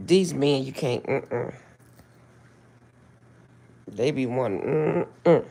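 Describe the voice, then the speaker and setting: An older woman hosting a casual livestream from her phone, telling stories in a chatty, animated way. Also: very deep voice, gravelly. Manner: chatty, animated storytelling, drawn-out asides. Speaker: livestream host.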